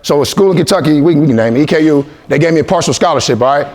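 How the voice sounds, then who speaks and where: A man's voice: fairly high pitch, racing, a little mellow. A man in his forties from Columbus, Ohio, giving a motivational talk to young athletes, coaxing and repetitive with call-and-response lines. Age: 40s. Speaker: motivational speaker.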